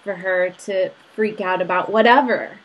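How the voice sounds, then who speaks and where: A woman's voice: mid-range voice, normal speed, lo-fi sound. A woman hosting an interview, asking reflective and personal questions about parenting her daughter. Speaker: host.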